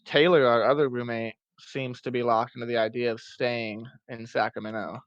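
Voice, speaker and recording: A man's voice: mid-range voice, flat delivery, moderate pace, no room sound, muffled recording. A young man co-hosting a podcast, recounting things in an easygoing, matter-of-fact way. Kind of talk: casual chat.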